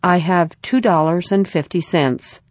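A woman voicing a gentle, worried young mother who speaks softly in a storybook reading. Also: fairly low pitch, measured pace, dry recording, clean studio sound. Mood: earnest. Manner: gentle, soft-spoken.

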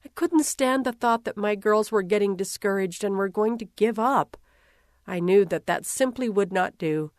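A woman doing a gentle, determined pioneer mother. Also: medium pitch, moderate pace, no echo, studio quality, close to an everyday voice. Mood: fond.

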